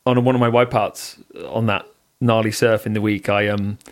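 A man co-hosting a podcast in casual chat, enthusiastic and laid-back, using surfer slang, who also leads a slow guided breathing exercise. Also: lowish voice. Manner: calm guided breathing instructions. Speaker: podcast co-host.

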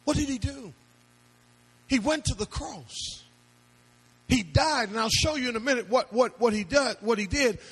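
A man's voice: high voice, fairly bright tone, husky. A male pastor preaching a sermon to a congregation, with emphatic call-and-response questions and phrases that he sings out. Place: church before a congregation.

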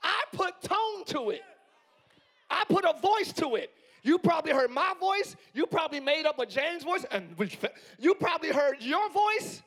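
A hoarse man in his forties preaching a live sermon as pastor, swinging from quiet musing to yelling. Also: very high-pitched, sing-song, normal speed. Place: church sanctuary.

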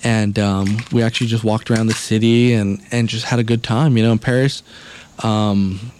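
A man's voice: lowish voice, fairly even intonation, moderate pace, darkish tone, a little hiss or hum. A man telling a long, rambling travel story in casual podcast chat, swearing heavily and acting out what people said. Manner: rambling, heavy swearing, acts out quotes.

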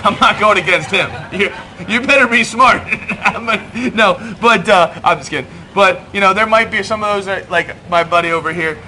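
A middle-aged pastor is giving a sermon in a church hall, joking and poking fun at himself as he addresses the congregation. His voice sits high and sounds pushed and bright, with a little hiss or hum in the recording.

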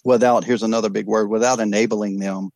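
A low-pitched man talks about his own recovery and his counseling work. His delivery is earnest and reflective, with frequent restarts and stammered repeats. The recording is dry, with no room sound. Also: fairly even intonation, fairly quick, a little mellow, dry recording. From East Texas. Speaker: addiction counselor and guest. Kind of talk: candid podcast conversation.

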